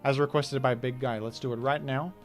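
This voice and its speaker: A man hosting and commentating a live online game tournament, excitable and playful, swinging from loud hype to quiet thanks. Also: mid-range voice, brisk, soft background music.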